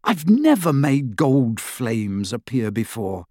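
A man's voice: mid-range voice, sing-song, slow, warm tone, no echo, studio quality. A man reading aloud, voicing a frustrated teenage boy hero who speaks strained and raised.

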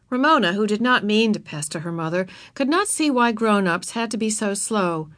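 A woman's voice: medium pitch, animated, moderate pace, few pauses, fairly bright tone, dry recording. A woman reading a children's chapter book aloud, narrating expressively and voicing the characters.

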